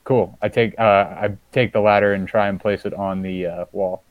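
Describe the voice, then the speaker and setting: Deep-voiced laid-back male player. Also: fairly even intonation, moderate pace, no echo, narrow, tinny audio. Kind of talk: casual tabletop play.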